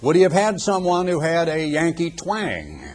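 An older man giving a radio sermon, husky-voiced, building emphatic rhetorical questions. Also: fairly high pitch, sing-song, moderate pace, darkish tone. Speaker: preacher, radio broadcaster.

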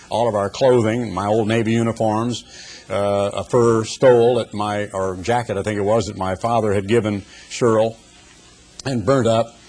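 A man's voice: on the low side, darkish tone. An older man preaching a sermon, telling folksy stories with humorous asides before turning to scripture. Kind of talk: sermon with anecdotes.

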